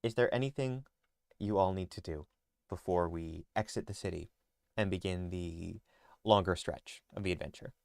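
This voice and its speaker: A man narrating as game master of a tabletop game, relaxed and loose, with many fillers. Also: deep voice, normal speed, creaky, no room sound, clean studio sound.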